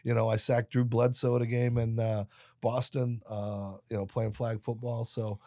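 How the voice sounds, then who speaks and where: A man in his late fifties, a podcast guest who tells his life stories in an animated way and acts out the people in them. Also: mid-range voice, moderate pace, no room sound, clean studio sound. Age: 50s. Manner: animated storyteller, voices other people in his anecdotes. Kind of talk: storytelling interview.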